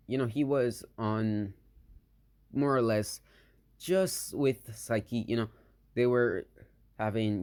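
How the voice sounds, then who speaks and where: Slow, halting young-sounding man telling a story. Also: lowish voice, dark tone. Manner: halting, full of "you know" fillers; slow, hesitant delivery. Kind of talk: improvised fan story narration.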